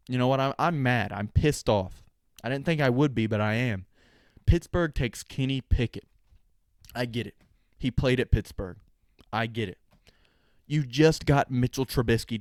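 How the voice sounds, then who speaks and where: A man's voice: mid-range voice, a little mellow, dry recording, studio quality. A young man hosting a sports podcast, talking casually with sarcastic, opinionated jokes. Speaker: podcast host.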